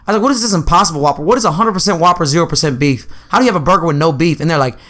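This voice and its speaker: A young man chatting casually as a podcast co-host, telling profane, animated stories and acting out the people he quotes. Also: a little high, rapid-fire. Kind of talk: casual chat.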